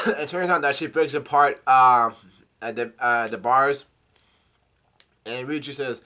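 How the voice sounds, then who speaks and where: A man casually reading through a comic chapter aloud with his own comments, halting, with many fillers, restarts and coughs. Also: mid-range voice, sharp tone. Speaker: comic reader.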